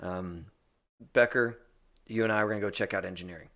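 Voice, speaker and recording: A man's voice: fairly low pitch, a little fast, fairly bright tone. A man casually playing a tabletop game, rambling and laughing often. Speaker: player.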